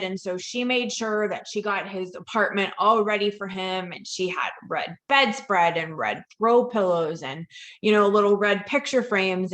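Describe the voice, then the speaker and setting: A woman who works in dementia care, telling a story to a virtual audience over a video call and acting out the dialogue. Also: mid-range voice. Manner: lively storytelling that acts out quoted dialogue. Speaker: dementia care professional and presenter. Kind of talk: storytelling presentation.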